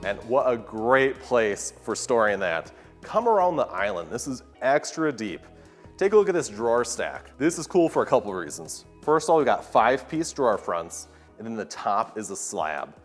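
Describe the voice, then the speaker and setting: A man's voice: medium pitch, very animated, normal speed. An upbeat man giving a walkthrough tour of a large kitchen, enthusiastically pointing out its features. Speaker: home tour guide. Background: soft background music.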